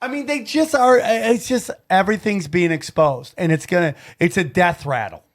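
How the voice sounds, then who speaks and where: A man's voice: sits high, moderate pace. A man hosting a podcast in casual chat, ranting with a lot of swearing. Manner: profane, animated rants. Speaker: podcast host.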